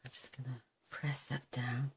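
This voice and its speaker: A woman from the United Kingdom demonstrating card making, soft-spoken and mumbling to herself, gushing over her work. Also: very deep voice, level tone, unhurried, noisy background. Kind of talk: crafting tutorial.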